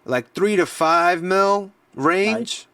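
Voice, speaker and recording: A man's voice: high voice, animated, extremely slow, fairly bright tone, clear, resonant tone, no room sound, distant mic. A man co-hosting a sports podcast in casual chat, talking loosely with lots of restarts. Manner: loose and rambling, many restarts and fillers.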